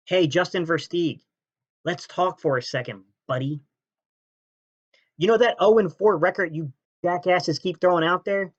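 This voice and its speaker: A man hosting a sports fan channel, ranting and mocking rival fans' comments, jumping between loud jabs and low sneers. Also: lo-fi sound. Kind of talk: fan reaction rant.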